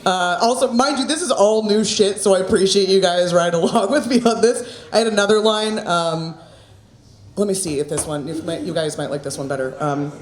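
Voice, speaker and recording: A woman in her thirties does open-mic stand-up in a small indoor comedy club, her mid-range voice a little fast. She's chatty and self-mocking, laughing at her own jokes, and the echoey room carries crowd laughter plus a little hiss or hum.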